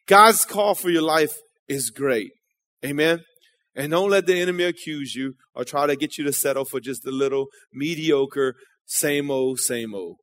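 A man's voice: fairly high pitch, normal speed, a bit bright. A man preaching a sermon in a church, casual and conversational, calling out to the congregation.

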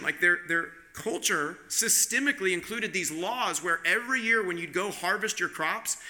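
A man's voice: high voice, pushed and bright. A man preaching a sermon, earnest, with rhetorical questions and frequent restarts. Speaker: pastor.

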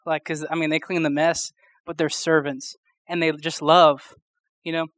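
A man's voice: a little high, little pitch movement, moderate pace, a bit bright, no room sound. A young man preaching a sermon in a casual, rambling storytelling way, with lots of fillers and restarts.

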